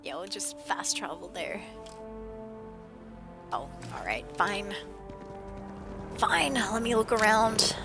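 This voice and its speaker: A woman livestreaming a game, chatting excitedly to her viewers while losing her voice. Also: mid-range voice, slow pace, gravelly, long pauses. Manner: chatty, excitable, talks to chat. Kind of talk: casual gameplay commentary. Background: game music.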